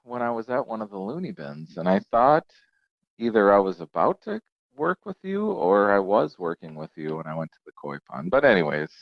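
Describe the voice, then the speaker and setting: Male comedian guest, low voice, bouncy delivery, dry slightly dull mic sound. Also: very animated, normal speed, gravelly, dry recording. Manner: laughs often, playful. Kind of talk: casual podcast chat.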